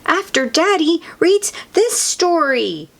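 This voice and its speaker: Eager storybook piglet girl, high and bouncy, put on by a woman reader. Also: wildly swooping pitch, slow, full character voice. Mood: excited. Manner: eager, exclaiming. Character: excitable little girl piglet.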